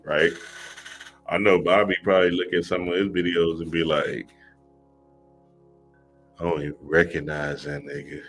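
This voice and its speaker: A man's voice: low-pitched, a bit bright. A man giving a loose, profane, street-casual motivational talk on spiritual self-help, with frequent restarts.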